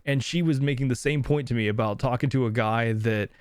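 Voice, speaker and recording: A man from the western United States co-hosting a podcast, talking through his thoughts slowly, with lots of restarts. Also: mid-range voice, a little mellow, clean tone, no room sound, clean studio sound. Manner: thoughtful, hesitant, many restarts and fillers. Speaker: podcast co-host. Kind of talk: casual movie review chat.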